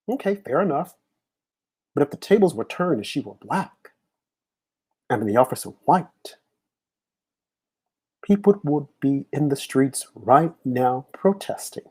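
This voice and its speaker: A man's voice: a little high, sing-song, measured pace, long pauses, dark tone, breathy edge. A man hosting a live political talk show, opening with an impassioned monologue full of rhetorical questions. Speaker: host.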